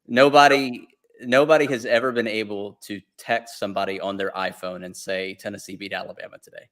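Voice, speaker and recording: A man co-hosting a casual sports podcast, building a joke through a deadpan list of facts. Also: lowish voice, a little fast. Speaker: podcast co-host.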